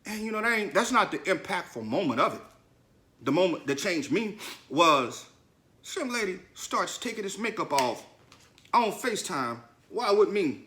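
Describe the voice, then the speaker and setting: A podcast host with a high, sing-song voice and a sharp tone talks at a moderate pace. He delivers a frank, slangy, confessional monologue about his own experiences, aimed directly at the listener.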